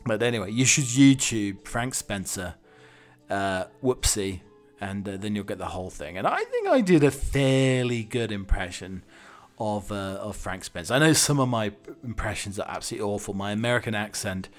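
A man's voice: on the low side, sing-song, moderate pace, soft background music. A man hosting a podcast alone, rambling cheekily in a casual monologue with wry asides. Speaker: podcast host.

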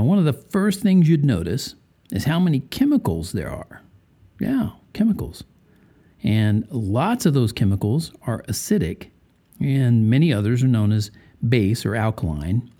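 A man's voice: mid-range voice, warm tone, breathy edge. A man hosting a faith-based podcast, talking conversationally and putting rhetorical questions to the listener. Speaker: podcast host.

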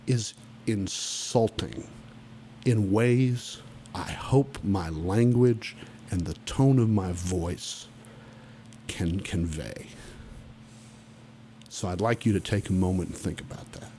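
A middle-aged man from Oklahoma, a musician guest on a podcast, speaking emphatically and deliberately. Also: fairly low pitch, dark tone, slight background noise. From Oklahoma, USA. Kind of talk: podcast interview.

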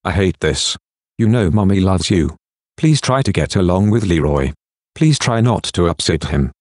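A man voicing a tearful mother who apologizes and pleads softly. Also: sits low, expressive, normal speed, no echo, clean studio sound. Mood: pleading. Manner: soft, pleading.

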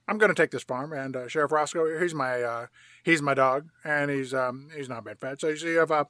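A man doing a rambling, halting impression of a county boss, full of ums and uhs, for comedy. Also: on the high side, sharp tone, dry recording, studio quality, pitched below the performer's own voice. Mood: bumbling. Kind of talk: comic impression on a podcast.

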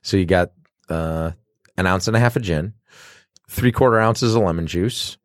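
A man's voice: low-pitched, normal speed, dry recording, studio quality. A man, a bartender co-hosting a casual podcast, chatting about cocktails and acting out customers as he tells stories. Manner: animated storyteller who acts out customers in quoted voices.

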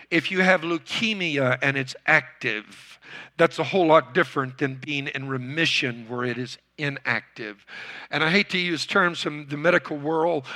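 A male pastor preaches to his congregation, calling out for amens and building to shouts. His voice sits high for a man and rings bright and forceful. Each point pushes toward a response from the room. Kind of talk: sermon. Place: church hall before a congregation.

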